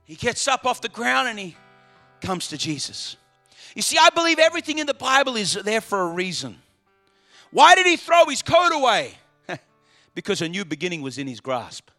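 A male preacher with a very high, bright voice and a gravelly edge delivers a sermon dramatically. He drops to hushed asides, then rises to loud, emphatic calls. Faint music plays behind him. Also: wildly swooping pitch, normal speed.

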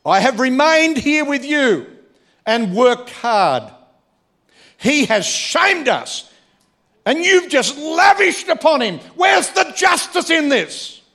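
A man acting out a resentful, furious young elder son who shouts indignant complaints. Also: medium pitch, animated, brisk, hardly any pauses.

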